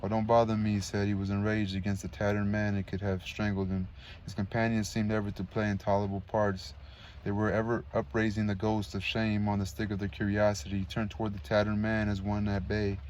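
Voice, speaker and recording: A man's voice: on the low side, completely flat delivery, fairly quick, darkish tone, a little hiss or hum. A man reading a classic novel aloud as narrator, in a plain manner with small slips and asides. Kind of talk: read-aloud audiobook narration.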